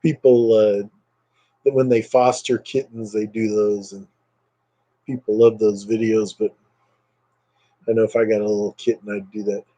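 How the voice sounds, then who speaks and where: A man's voice: lowish voice, flat delivery, normal speed, pauses often, mellow, rough recording. A man chatting casually on a live stream, rambling with lots of fillers and thanking viewers by name.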